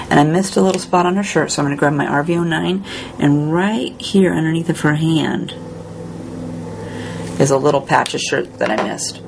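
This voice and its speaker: A woman hosting a step-by-step coloring tutorial, talking in a relaxed, chatty way while she works. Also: low-pitched, vocal fry, slight background noise. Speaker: crafting tutorial host.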